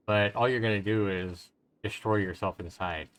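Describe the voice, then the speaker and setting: A man's voice: fairly low pitch, steady tone, normal speed. A male streamer commenting on a game live, speaking in an earnest, emotional way and giving reflective advice to his viewers.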